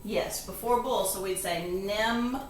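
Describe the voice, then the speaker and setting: A woman's voice: mid-range voice, fairly bright tone, a little hiss or hum. A woman teaching a phonics lesson, patiently going through the steps one at a time. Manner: slow, patient, step-by-step instruction. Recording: echoey classroom, faint ambience.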